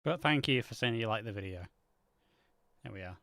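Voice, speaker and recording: A man's voice: on the low side, lively intonation, brisk, creaky, a bit bright, no room sound. Blunt, sweary man chatting. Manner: blunt and sweary, laughs easily. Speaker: co-host reacting to a soap episode. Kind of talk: casual watch-party chat.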